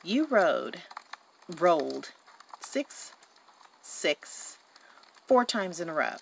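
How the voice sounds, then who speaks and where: A woman voicing a chatty young woman in a doll-play story, talking in an animated, indignant and giggly way. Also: on the low side, very slow, gravelly, slight background noise, full character voice. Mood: accusing.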